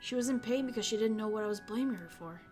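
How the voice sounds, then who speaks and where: A woman's voice: medium pitch, fast, darkish tone, faint music behind, lightly acted. A woman voicing a guilt-ridden, bitter teenage boy while reading a visual novel aloud. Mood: brooding. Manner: brooding, accusing, then self-blaming.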